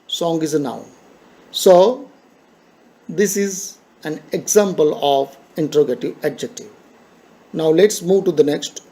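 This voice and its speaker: A man's voice: fairly high pitch, a little slow, pauses often, warm tone. A man teaching a grammar lesson, patiently repeating each point in simple phrases.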